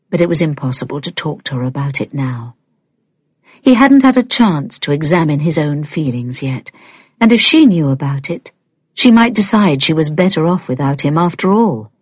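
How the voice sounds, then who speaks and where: Woman reading a book aloud, slow and lively, kinda husky, dry close sound. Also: low voice, dry recording. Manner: calm, unhurried storytelling. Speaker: audiobook reader. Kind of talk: scripted narration.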